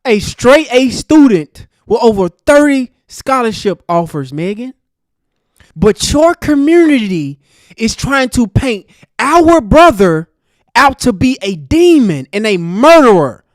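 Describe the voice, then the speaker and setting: A man delivers a heated, angry commentary rant, talking straight at the person he is answering. His pitch swings widely as he speaks, and the sound is close and dry with no room echo. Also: sing-song, slow pace. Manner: angry, ranting, addresses the speaker directly. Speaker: commentary host.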